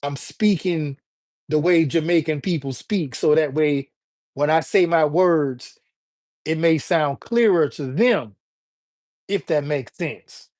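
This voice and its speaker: Laid-back man, higher voice. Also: slow pace, darkish tone. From Alabama, USA. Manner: laid-back and slangy, greeting viewers by name. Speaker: livestream host. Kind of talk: casual livestream chat.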